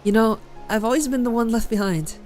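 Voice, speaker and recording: A woman voicing a calm, content centuries-old immortal in a visual novel, reading with a gentle, reflective delivery. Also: on the high side, a little fast, soft background music, lightly acted.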